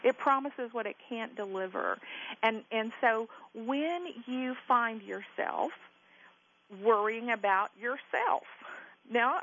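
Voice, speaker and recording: A woman with a fairly high voice answers a caller as the guest teacher on a Christian radio show. She speaks in an earnest, gently reassuring, pastoral way. The sound is muffled, like a radio broadcast. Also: takes it slowly, vocal fry.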